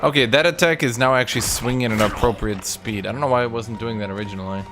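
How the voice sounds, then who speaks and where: A man's voice: medium pitch, fast. A man streaming a game, talking casually in a rambling, profane, sarcastic way. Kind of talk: casual gameplay commentary. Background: game music.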